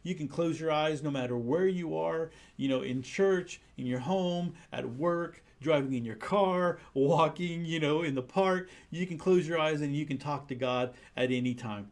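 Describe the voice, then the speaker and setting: A man's voice: on the high side, normal speed, hardly any pauses. Earnest man preaching a sermon. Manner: earnest, conversational preaching with frequent restarts. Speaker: pastor.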